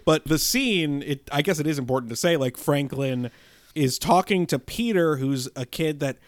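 A man's voice: fairly high pitch, lively intonation, no echo. A man sums up movie scenes for his co-hosts in an easy, chatty way. His voice swings up and down with energy, recorded close and dry. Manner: recaps plot, chatty, quick agreeing. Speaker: podcast co-host. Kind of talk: casual movie discussion.

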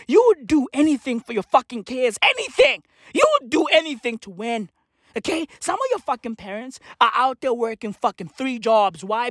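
Super animated high voice ranting nonstop, yells then mumbles, dry sound. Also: no room sound. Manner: manic, profane, swings between shouting and muttering. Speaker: comedian. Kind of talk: comedic rant.

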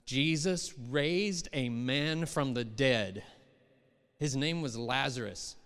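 A man's voice: mid-range voice, slow, fairly bright tone, smooth. A middle-aged man preaching a sermon as pastor, in a conversational manner that rises into emphatic quoted voices. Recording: long hall reverb.

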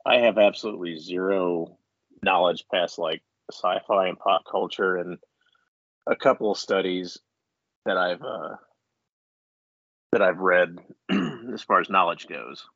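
Cast: male podcast co-host, low husky voice, loose rambling talker, dull muffled home recording. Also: steady tone, unhurried, pauses often, a bit bright, no room sound. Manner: rambling, laughs often, many restarts. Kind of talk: casual chat. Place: indoors at home.

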